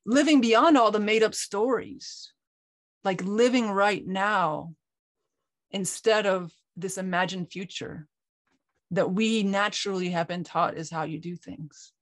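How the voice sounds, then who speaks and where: Candid woman, middle pitch, dry video-call sound, storytelling host. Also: no room sound. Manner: candid, animated, frequent restarts and fillers. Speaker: co-host of an online talk. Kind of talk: personal storytelling in a group call.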